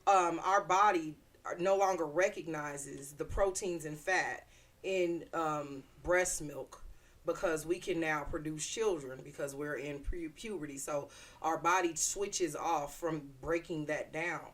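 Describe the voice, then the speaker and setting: A woman with a very low voice talks loosely, laughing easily. She explains things in plain conversation. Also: a little slow. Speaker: podcast co-host. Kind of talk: casual chat.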